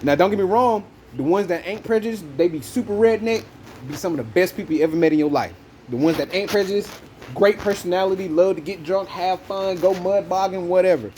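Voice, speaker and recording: Animated man telling a story. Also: a little fast, a little hiss or hum, poor audio. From Southern United States. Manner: animated, profane, jumps into high voices when quoting himself. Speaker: podcast host. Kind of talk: casual storytelling chat.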